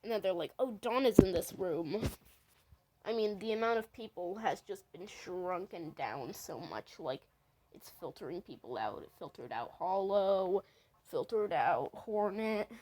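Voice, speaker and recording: A woman's voice: fairly low pitch, lively intonation, unhurried, a little mellow, slight background noise, low-quality recording. A woman casually talks through her own animation scene by scene, rambling and stringing events together with "and then". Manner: rambling, chains "and then he's like". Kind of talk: casual commentary over a video.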